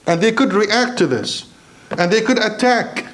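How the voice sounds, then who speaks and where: A man's voice: sits high, lively intonation, unhurried, fairly bright tone. A man preaching a Friday sermon in a mosque, impassioned, asking rhetorical questions and mixing in Arabic recitation.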